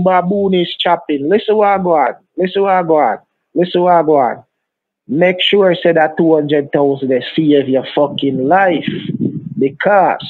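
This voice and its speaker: A man's voice: fairly high pitch, no room sound. A man with a Jamaican accent, taunting and threatening over and over in a heated phone argument. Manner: taunting, threatening, repeats insults. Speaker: phone scammer. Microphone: phone call. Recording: dry tinny phone line.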